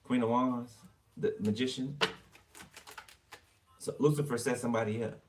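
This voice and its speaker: A man's voice: medium pitch, fairly even intonation, normal speed, recorded from a distance, background noise. A man giving a casual tarot reading for viewers, chatty and blunt, swearing freely as he turns the cards. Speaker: tarot reader.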